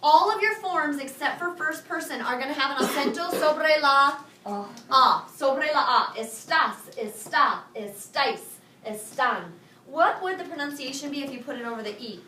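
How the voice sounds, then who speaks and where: A woman teaching a Spanish review lesson to a high school class, firing questions and having students repeat after her. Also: expressive, normal speed, bright, forceful tone, a little hiss or hum. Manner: drills students with call-and-response questions. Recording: echoey classroom from far off.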